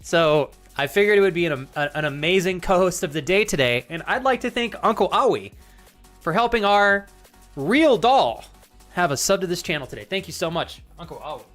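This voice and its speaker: A man's voice: high-pitched, animated, normal speed, a bit bright, soft background music. A man with an American accent chatting to his live-stream audience, laughing often and swearing freely.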